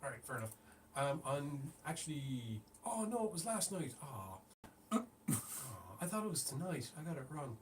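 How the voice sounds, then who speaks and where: A man's voice: fairly high pitch, big pitch swings, moderate pace. A man co-hosting a wrestling podcast, chatting casually and rambling with lots of restarts. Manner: rambling, restarts often, laughs easily. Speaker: podcast co-host. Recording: distant mic with faint ambient noise.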